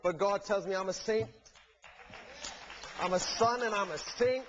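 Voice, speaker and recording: A man with a fairly high voice preaches a sermon, earnest and heartfelt. He swings between fervent, ringing peaks and hushed, soft passages. The recording is dull and lo-fi. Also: a little slow, a little hiss or hum. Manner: earnest, rising to fervent climaxes then dropping soft.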